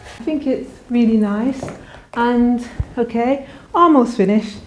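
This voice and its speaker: A woman vlogger with a slightly high voice talks slowly through a clothing try-on haul, chatty and enthusiastic, often restarting her sentences. Soft music plays in the background.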